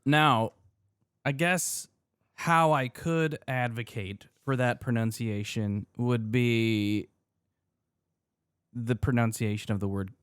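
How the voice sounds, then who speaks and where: A man's voice: medium pitch, fairly even intonation, slow, long pauses, fairly bright tone, clean tone, dry recording. A man co-hosting a casual podcast, talking at an easy conversational pace. He teases his co-host and laughs often. The sound is dry and close to the mic. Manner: easygoing, laughs often, teasing.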